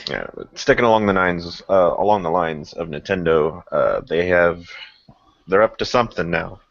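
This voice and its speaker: A man's voice: deep voice, normal speed, gravelly, fairly bright tone, dry recording. A young man hosting a casual podcast, rambling through stories with lots of fillers and frequent laughter. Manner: laughs often, rambling storyteller with many fillers. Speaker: podcast host. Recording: muffled lo-fi podcast audio.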